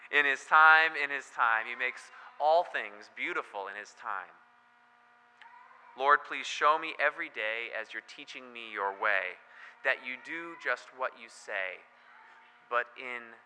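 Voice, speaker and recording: A male pastor preaching a sermon in a church, telling the story with gentle humor. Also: mid-range voice, big-room sound, poor audio.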